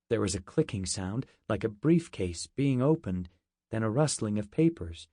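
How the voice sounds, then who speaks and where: A man's voice: fairly low pitch, expressive, normal speed, warm tone, dry recording. Male audiobook narrator, dry studio sound. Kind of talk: first-person scripted narration.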